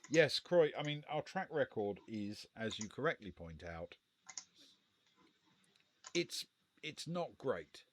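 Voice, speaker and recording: Man, mid pitch, lively delivery, dry wit, reads gamebook text for a live stream; faint hiss. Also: slow, pauses often. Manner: dry, wry understatement. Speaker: co-host reading the gamebook. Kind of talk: casual live-stream gamebook play-through.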